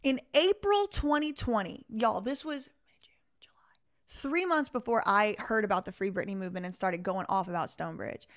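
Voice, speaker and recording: This live reaction stream host, a woman with a mid-range voice at a moderate pace, reads an article aloud and reacts to it, animated and exasperated, speaking directly to her viewers.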